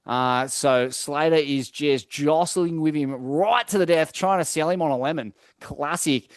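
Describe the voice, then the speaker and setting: Aussie guy rambling thru a surf story, swears a lot, bit high pitched, dead dry sound. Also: a little slow, clear, resonant tone, no echo. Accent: Australian. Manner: loose, sweary storytelling with many fillers. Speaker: podcast co-host. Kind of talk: casual chat.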